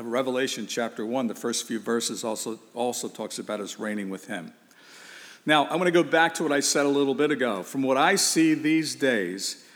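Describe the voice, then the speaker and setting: A man's voice: medium pitch, in a large hall. A man preaching a sermon, asking his listeners rhetorical questions and repeating phrases for emphasis.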